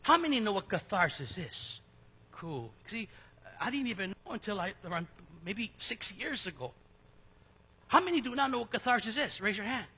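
A male pastor delivering a lively sermon in a church, joking and quizzing his congregation. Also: high voice, moderate pace, husky. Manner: lively, jokey preaching that asks the congregation questions.

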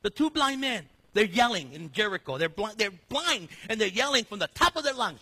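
A man preaching a sermon with lively delivery, jumping between loud emphasis and hushed, slow lines. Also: high voice, breathy edge. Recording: echoey hall reverb.

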